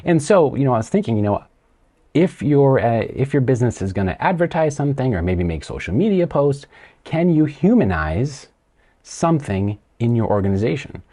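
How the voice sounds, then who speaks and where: A man hosting a casual solo show, retelling things in a rambling, animated way with plenty of restarts. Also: mid-range voice, moderate pace. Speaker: podcast host.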